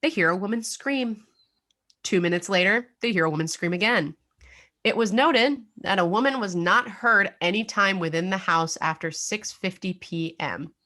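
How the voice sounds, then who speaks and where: A young adult woman co-hosts a casual true-crime podcast in a medium-pitched voice that sounds pushed and bright, speaking at normal speed. She's chatty, leans heavily on fillers, and laughs now and then.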